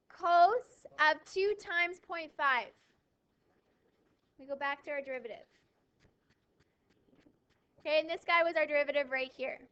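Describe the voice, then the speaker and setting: A woman teaching a math class, lively, asking questions and answering them herself, with a touch of dry sarcasm. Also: very high voice, dull audio. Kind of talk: classroom lecture.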